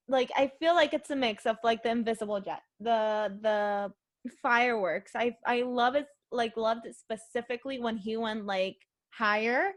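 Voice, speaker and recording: Casual film podcast host, young woman, rambling and emotional. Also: on the high side. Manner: rambling, filler-heavy, emotional. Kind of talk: casual movie review chat.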